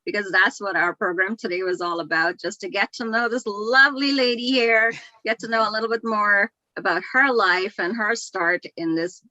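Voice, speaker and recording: A woman's voice: medium pitch, fairly even intonation, normal speed, hardly any pauses, bright, forceful tone, no echo, highs cut off. A woman hosting a live talk show, effusive and full of praise, giggling often. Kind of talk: casual live-stream interview.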